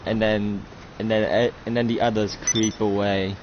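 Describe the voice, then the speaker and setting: A man's voice: fairly low pitch, little pitch movement, normal speed. A man narrating a casual role-play story as game master, rambling with many restarts. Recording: muffled lo-fi, loud noise.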